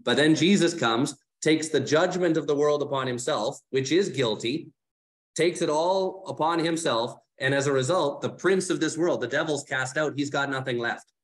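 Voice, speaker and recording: A man's voice: on the high side, normal speed. A man leading a Bible study, explaining the text in a conversational way, often asking the group questions and correcting himself as he goes. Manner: fillers and self-corrections while explaining. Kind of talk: casual teaching talk.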